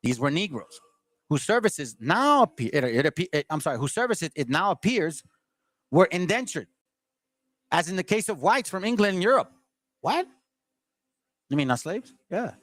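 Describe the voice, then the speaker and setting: A channel host with a fairly high-pitched, fairly bright male voice reads aloud from a history book, pausing to argue with his audience in a combative, lecturing manner. He stumbles and restarts as he reads, and there is no echo.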